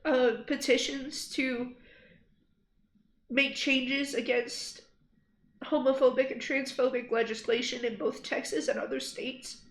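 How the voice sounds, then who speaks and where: Young woman streamer, high voice, slow and halting, upset and angry, in an echoey room. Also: steady tone. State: shaken after crying. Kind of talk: emotional livestream address. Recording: roomy echo.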